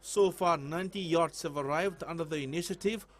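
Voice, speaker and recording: A man news reporter reading a scripted voice-over with brisk delivery. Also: on the high side, noisy background.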